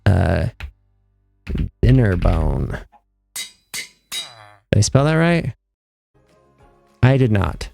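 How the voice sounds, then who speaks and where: A man's voice: lowish voice, big pitch swings, extremely slow, vocal fry, long pauses, darkish tone, faint music behind. A young man streaming a game live, chatting casually with his viewers in a rambling, joking, self-mocking way. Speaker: livestreamer. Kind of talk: casual live gameplay chat.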